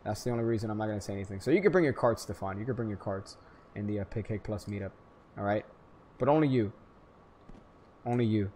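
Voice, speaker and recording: A young man from Florida giving casual gameplay commentary, rambling and joking, with sudden loud hyped outbursts. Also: on the low side, fast talker, long pauses, slight background noise. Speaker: gaming streamer.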